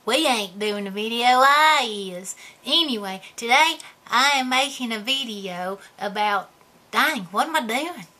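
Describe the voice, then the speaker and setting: A woman's voice: fairly high pitch, lively intonation, a little slow, sharp tone, heavily acted. A woman playing a goofy, boastful character in a comedy vlog, talking in a rambling, self-mocking way. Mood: playful. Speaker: vlogger answering viewer questions.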